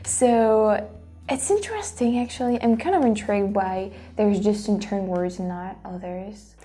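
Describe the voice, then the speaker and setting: A woman's voice: mid-range voice, measured pace, dark tone, slightly rough, soft background music. A woman from France with a French accent, a native French speaker chatting casually in English as a reaction-video host, rambling with lots of fillers and restarts. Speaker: YouTube host.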